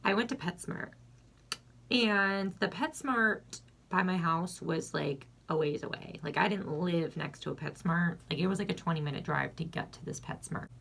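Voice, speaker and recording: Young woman vlogger, kinda low voice, super chatty storytime, says like constantly, blunt. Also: moderate pace, creaky, a bit bright, husky. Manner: chatty, filler-heavy with constant "like"; frank and blunt. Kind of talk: casual get-ready-with-me storytime.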